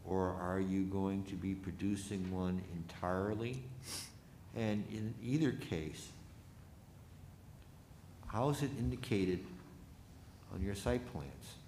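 Low-voiced man asking formal questions. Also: slow pace, long pauses, mellow. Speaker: commission member. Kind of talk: public meeting questioning. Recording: echoey room with faint hiss.

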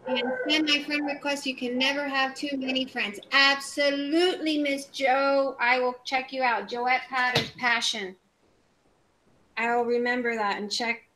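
A woman's voice: sits high, flat delivery, unhurried, noisy background. A chatty woman from Puerto Rico hosting a casual live craft video, rambling and greeting viewers by name. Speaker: craft channel host.

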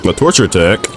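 A young man with a very low voice that still leaps around a lot as he reacts to his game. He talks fast and swears freely, sounding excitable and easily annoyed. Game music plays faintly behind him. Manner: excitable, swears and laughs often, talks to the screen. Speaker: gaming streamer. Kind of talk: let's play commentary.

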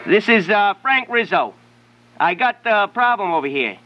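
A man's voice: high voice, animated, moderate pace, pitched above the performer's own voice. A man playing a crude pushy prank caller. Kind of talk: prank phone call. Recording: dull lo-fi prank call tape.

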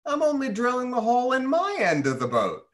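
A man voicing an oddly calm man drilling a hole in a boat, breezy and unbothered. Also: extremely high pitch, a little fast, voice pushed up, full character voice.

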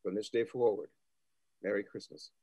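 A man's voice: fairly low pitch, fairly even intonation, normal speed, dark tone, no room sound, lightly acted. Man playing a repentant old miser, heartfelt. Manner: heartfelt, wry, self-deprecating. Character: reformed old male miser, now tender and repentant. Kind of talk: amateur online theatre.

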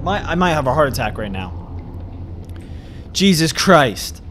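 A young man losing his voice, panicking, yelling and cursing while commentating on a horror game. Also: mid-range voice, very animated, quick pace, slight background noise, poor audio. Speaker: gaming let's play host.

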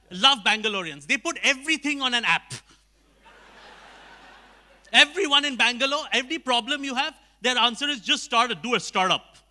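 Bright-voiced comic teasing the crowd. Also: male voice, very high-pitched. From Calcutta, India. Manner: teasing crowd work, quick jabs at the audience. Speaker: stand-up comedian at an awards ceremony. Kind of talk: stand-up comedy. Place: large auditorium stage.

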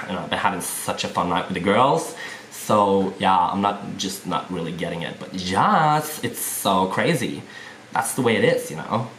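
A man's voice: low-pitched, a bit bright. A man from Sweden, speaking with an American-leaning accent, rambles casually about accents and fills his talk with "you know.". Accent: Swedish-tinged American English. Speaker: vlogger. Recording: roomy echo, faint hiss.

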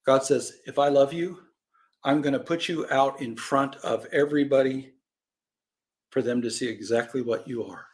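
A man preaching a Bible-study sermon in animated storytelling style, acting out quoted voices and swinging from loud cries to quiet asides. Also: mid-range voice, moderate pace. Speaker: pastor teaching a Bible lesson.

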